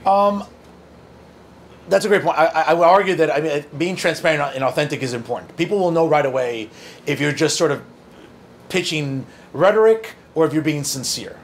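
A man from northern New Jersey speaks at a moderate pace in a slightly high voice, with a little hiss or hum. An opinion journalist appearing as a guest speaker, he answers audience questions in a Q&A talk, conversational and earnest with joking asides.

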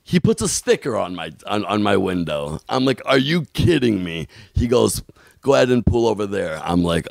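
A man telling a long story as a podcast guest, animated and blunt, acting out what other people said and swearing casually. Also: fairly low pitch, gravelly, no room sound.

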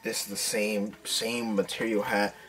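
A man talking casually and excitedly as he unboxes fitted hats for his vlog, full of slang. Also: fairly low pitch, a little slow, soft background music. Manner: excited slangy hype talk. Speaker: hat vlogger.

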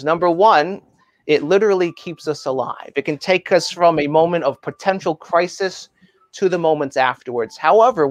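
A man who works as a positivity coach and speaker, giving a measured, earnest motivational message that slows down for emphasis. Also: fairly high pitch, dry recording, clean studio sound.

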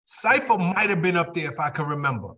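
A man's voice: a little high, expressive, a little fast, sharp tone, distant mic. A man hosting an interview, chiming in with brief remarks. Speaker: host. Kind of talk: casual interview.

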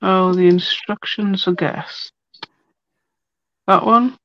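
Gravelly woman muttering over her crafts. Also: mid-range voice, steady tone, slow pace, a bit bright, muffled recording. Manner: muttering to herself while working. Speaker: craft livestream host. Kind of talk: casual crafting chat. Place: home craft room.

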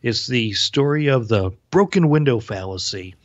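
A man's voice: mid-range voice, animated, moderate pace, no echo. A man co-hosting a podcast, making wry jokes in casual political chat. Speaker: podcast co-host. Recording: dull lo-fi audio.

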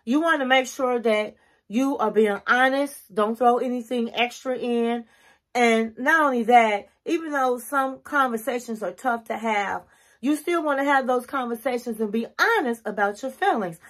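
A woman's voice: a little high, fairly bright tone. A middle-aged woman giving relationship advice to camera in an earnest, coaching way, working through a numbered list of tips. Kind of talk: casual advice talk to camera.

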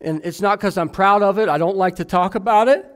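Man, thirties, preaching a sermon, personal testimony, candid and self-deprecating, slightly high voice. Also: fairly quick, smooth.

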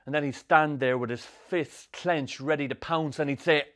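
An actor narrating a film as a troubled young Irish man with a Sligo accent, telling his rough youth in a dry, sardonic way. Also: on the high side, moderate pace, a bit bright, natural voice. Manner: dry, sardonic storytelling with strong swearing. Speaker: narrator, the film's lead. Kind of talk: scripted film voice-over.

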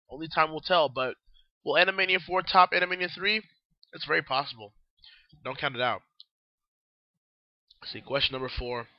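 A man's voice: fairly high pitch, dry recording, dull audio. A young man hosting a casual solo newscast, his voice groggy and worn out, rambling and talking while he eats. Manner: rambling, talks while eating and drinking. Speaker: host.

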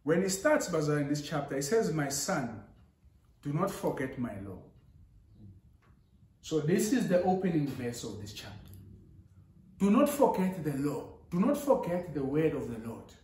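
A man's voice: fairly high pitch, big pitch swings, normal speed, long pauses, a little mellow. A man preaching a sermon with rising emphasis, switching into Zulu now and then. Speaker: pastor. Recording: echoey church hall.

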